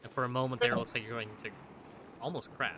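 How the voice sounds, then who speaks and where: A man narrating slowly and descriptively as game master of a tabletop game. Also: mid-range voice, fairly even intonation. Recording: noisy room recording.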